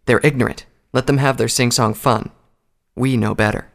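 A man voicing a level-headed male pony soldier who speaks firmly and in a measured way, in an audiobook reading. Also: mid-range voice, steady tone, gravelly, fairly bright tone. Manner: firm and measured. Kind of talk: audiobook character voice.

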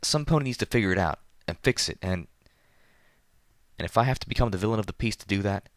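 An anguished young mare, as a man puts her on, her voice lifted well above the reader's deep range, strained and pleading yet resolute. The storybook reading is recorded close and dry. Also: expressive, fast talker, dry recording, close to an everyday voice.

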